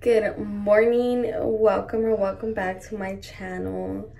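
Young mom vlogging, gushy and emotional, kinda gravelly, a bit off mic. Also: female voice, medium pitch, level tone, takes it slowly, dark tone, recorded from a distance. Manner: emotional, gushing, says "y'all" and "like" often. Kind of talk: casual vlog chat to camera.

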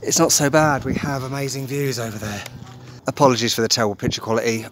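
A man's voice: medium pitch, level tone, fast talker, a little hiss or hum. Chatty man vlogging on a phone. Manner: chatty, upbeat, frequent ums and laughs. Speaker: travel vlogger. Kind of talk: casual travel vlog narration. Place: outdoors and in a restaurant, on the move. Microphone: phone held in hand.

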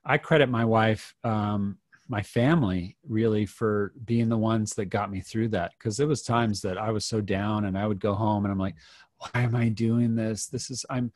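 Middle-aged guy, kinda low voice, earnest storytelling, dry close sound. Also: steady tone, normal speed, dry recording. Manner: earnest, reflective, many restarts. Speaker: guest. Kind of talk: personal storytelling.

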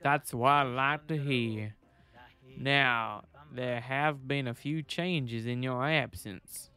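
A man voicing a brisk, commanding male police captain in a game. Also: mid-range voice, sharp tone, clean tone.

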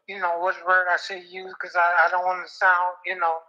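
Man in his thirties, halting and emotional, near tears, keeps restarting, piercing bright tone, dull lo-fi sound. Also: high-pitched, monotone. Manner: halting, repeats words and restarts often. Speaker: former college football player, guest. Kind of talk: emotional interview talk. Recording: dull lo-fi audio.

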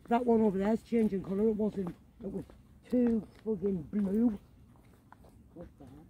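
A woman ghost hunting in a cemetery at night, her voice deep and dark in tone. She talks excitably and fearfully into a handheld camera, swearing freely. A faint background hiss sits under the outdoor recording. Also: moderate pace, rough recording. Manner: frightened, excitable, swears a lot. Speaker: paranormal vlogger. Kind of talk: live ghost-hunting commentary.

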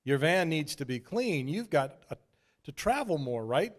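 A man's voice: fairly high pitch, very animated, unhurried. A man voicing an eager, earnest, good-natured male friend who talks in a friendly way.

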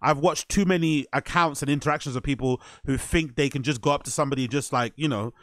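A man's voice: medium pitch, quick pace, no echo. Incredulous man, dry close sound. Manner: incredulous, animated, swears often. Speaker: streamer reacting to a podcast clip. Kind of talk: live reaction commentary.

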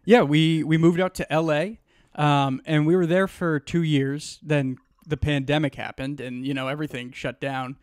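A man appearing as a guest comedian in a casual podcast chat, answering in a relaxed way with brief replies. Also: on the high side, normal speed, clean tone, no echo, studio quality.

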